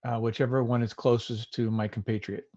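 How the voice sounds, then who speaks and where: A man playing a tabletop game, calmly reading out his dice rolls and choosing targets. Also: mid-range voice, a little fast, dull audio, slight background noise. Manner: matter-of-fact, reads out dice rolls. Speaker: player. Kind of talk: casual chat at a tabletop game.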